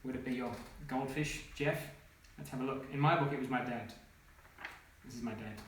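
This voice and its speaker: A man, a children's author, reading his own picture book aloud with playful, animated commentary and sound effects. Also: mid-range voice, normal speed. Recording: echoey room, faint noise.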